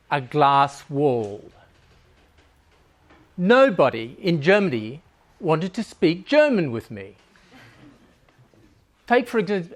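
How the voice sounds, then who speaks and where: A man giving a humorous talk to a live audience, joking and conversational, laughing at his own lines. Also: fairly high pitch.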